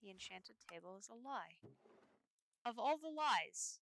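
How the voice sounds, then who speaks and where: A woman's voice: a little high, expressive, a little slow, vocal fry, fairly bright tone. A woman streamer chatting in character during a game, scattered and rambling as she talks to her chat. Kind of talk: in-character roleplay chat while gaming. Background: faint background music.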